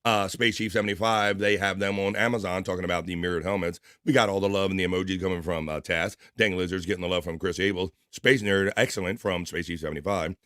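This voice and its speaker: A man hosting a live stream, casually reading viewer comments aloud and giving shout-outs while talking through his allergies. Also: low-pitched, steady tone, fast, hardly any pauses, no room sound, clean studio sound. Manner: casual, rambling, reads chat names aloud with shout-outs. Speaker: livestream show host.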